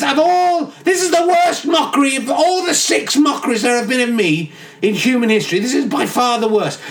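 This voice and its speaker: A man's voice: high voice, recorded from a distance. A man voicing a petty, thin-skinned, vengeful God who sounds outraged and petulant.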